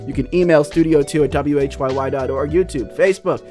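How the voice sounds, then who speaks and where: A man's voice: on the high side, a little fast, dark tone, faint music behind. Man co-hosting a radio talk show. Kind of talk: casual chat. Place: radio studio.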